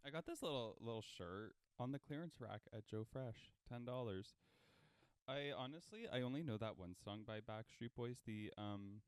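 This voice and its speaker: A man's voice: medium pitch, expressive, moderate pace, smooth, no echo. A young man from Canada hosting a casual solo podcast, rambling and self-deprecating. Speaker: podcast host.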